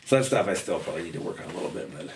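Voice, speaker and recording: Fast-talking, deep-voiced man off-mic in a roomy space. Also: lively intonation, vocal fry, far from the mic. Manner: swears freely, fast and candid. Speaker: podcast guest. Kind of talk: casual conversation. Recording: roomy sound, a little off-mic, faint noise.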